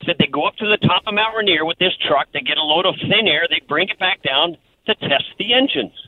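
A man's voice: sits high, lively intonation, fairly quick. A man calling into a radio show, chatty and telling a prank story with chuckles. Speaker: caller. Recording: tinny phone line.

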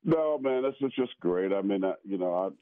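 A pastor and former football player from South Carolina, USA, chats casually in a low, expressive voice at normal speed, restarting often and using many fillers. The recording is dry and sounds tinny, like a phone line.

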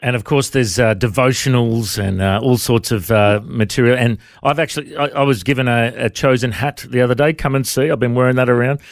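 A man's voice: mid-range voice, fairly even intonation, a little fast, few pauses, dry recording, studio quality. A man hosting a faith radio interview, friendly and chatty. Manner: friendly, says mate a lot. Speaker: radio host.

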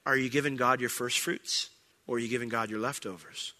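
Bright, forceful pastor preaching. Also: male voice, mid-range voice, fairly even intonation, a little fast. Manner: conversational preaching, rising to loud emphatic bursts. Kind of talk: sermon. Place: church sanctuary.

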